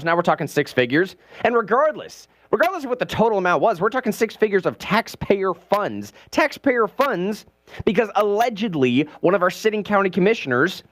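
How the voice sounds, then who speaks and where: A man's voice: high voice, no room sound. A man hosting a morning talk radio show, giving opinionated commentary and taking calls. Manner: fast, animated, conversational and opinionated.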